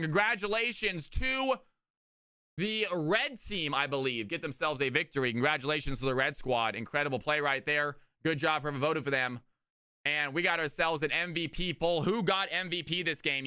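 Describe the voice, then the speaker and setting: A man casting viewer games live on his stream in an energetic, hyped-up way, recorded at home on a close desk mic. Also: fairly high pitch, clear, resonant tone, no room sound. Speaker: streamer and caster.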